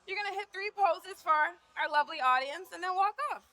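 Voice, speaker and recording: Bright, high-voiced woman coaching on stage. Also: fairly quick. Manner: upbeat, encouraging, hypes up volunteers. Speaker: posing coach. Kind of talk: live stage workshop. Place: stage before a live audience. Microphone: handheld mic.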